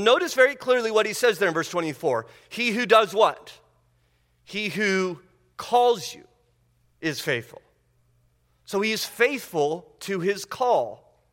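A man delivers a sermon from the pulpit, driving home his points through repetition. His voice sits high and bright, and each phrase rings out into a long, reverberant hall. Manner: emphatic preaching with rising intensity; repeats phrases for emphasis. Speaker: pastor.

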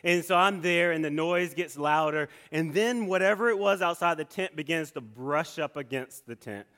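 A man telling a personal story in a sermon, animated, with many restarts and asides. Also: a little high, moderate pace.

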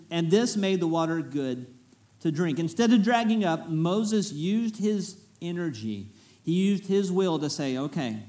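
A man's voice: high-pitched, a little mellow. A man preaching a conversational sermon as a pastor, retelling the story in a folksy way with humorous asides.

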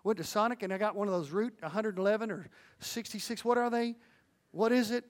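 A man preaching a sermon, earnest and animated, swinging between hushed and loud, with folksy storytelling and asides to the audience. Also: high-pitched, a little fast. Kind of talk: sermon on evangelism.

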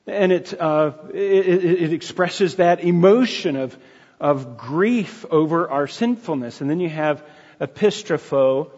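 Man, sermon, earnest, halting restarts, husky voice, muffled lo-fi sound, long hall reverb. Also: fairly high pitch, a little mellow. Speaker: preacher.

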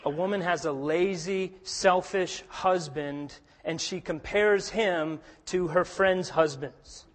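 A man with a high-pitched voice preaches with earnest conviction. He drops to a hush for stories and rises to forceful emphasis on his key points. His voice rings through a hall with a long reverb. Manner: earnest, swings between hushed storytelling and forceful emphasis. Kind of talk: sermon.

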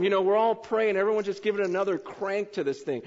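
A man preaching a sermon as pastor, telling stories with much repetition and swinging between loud excitement and hushed earnestness. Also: high-pitched, fast talker, few pauses. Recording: muffled hall recording with long reverb.

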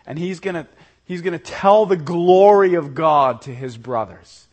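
A male pastor preaching a sermon earnestly, swinging from loud emphasis to soft, intimate lows. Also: a little slow.

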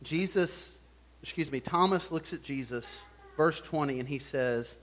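A man preaching a sermon as pastor, animated, chuckling often and acting out the voices he quotes. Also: fairly high pitch, measured pace.

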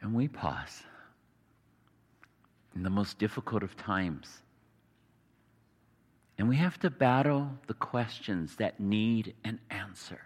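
A man preaching a sermon earnestly, sometimes dropping to a hushed tone. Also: lowish voice, lively intonation, slow pace, long pauses, slightly rough, long reverb tail. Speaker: pastor.

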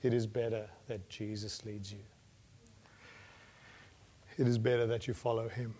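A man's voice: on the low side, flat delivery, measured pace. Earnest male preacher delivering a sermon. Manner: earnest, rising to emphatic peaks then dropping soft.

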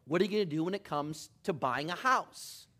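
A man's voice: a little high, animated, fairly quick, pushed and bright, pitched above the performer's own voice. A man doing a skeptical father grilling a suitor. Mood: questioning. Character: skeptical middle-aged father questioning a suitor.

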